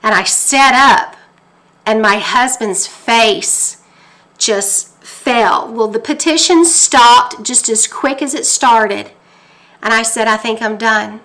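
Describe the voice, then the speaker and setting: A woman's voice: on the high side, slow pace, bright, forceful tone. A woman from Texas giving a fervent, emotional personal testimony from home, often quoting her own prayers aloud. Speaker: faith teacher. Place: kitchen table at home.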